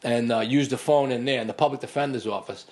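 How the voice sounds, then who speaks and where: A man's voice: mid-range voice, quick pace. A middle-aged man, a podcast guest, telling a long personal story in casual conversation and acting out what others said. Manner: animated storyteller who acts out other people's lines.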